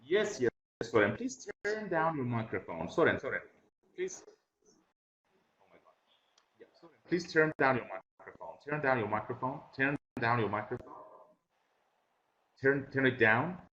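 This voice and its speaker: A man's voice: medium pitch, lively intonation, a bit bright, slight background noise. Patient male teacher on lo-fi video call. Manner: patient, repeats questions and instructions slowly. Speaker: English teacher. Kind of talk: online class instruction. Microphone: computer mic on a video call. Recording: dull lo-fi video call audio.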